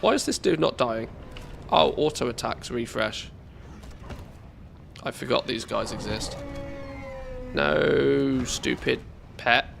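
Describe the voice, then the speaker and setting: A man's voice: mid-range voice, slow, gravelly, long pauses, music in the background. A man with a nasal voice, congested from a cold, giving casual commentary as he streams a game, rambling with restarts and dry jokes. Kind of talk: casual live-stream commentary while playing.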